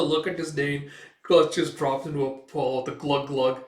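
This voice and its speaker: A man's voice: fairly high pitch, steady tone, moderate pace. A man casually narrating a comic read-through in a loose, rambling way. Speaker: manga reader and commentator. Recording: echoey room, distant mic.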